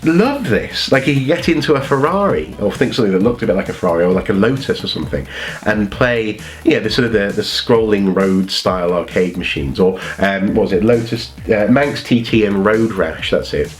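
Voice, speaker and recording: A man's voice: lowish voice, animated, brisk, soft background music. A man with a cold telling meandering, casual stories from his childhood, often breaking off to correct himself. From North Wales. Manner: meandering, self-correcting, chatty. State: has a cold. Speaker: vlogger. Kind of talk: casual storytelling.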